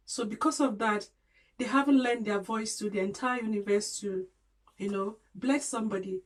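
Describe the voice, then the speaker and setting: A woman's voice: medium pitch, moderate pace, rough recording. A woman vlogging to her channel, talking earnestly and encouragingly, with frequent ums and restarts. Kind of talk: casual talk to camera.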